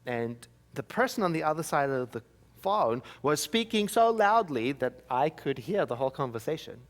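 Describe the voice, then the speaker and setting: A man's voice: a little high, big pitch swings, normal speed. A man giving a sermon as minister, telling personal stories with wry, self-mocking humor. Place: church.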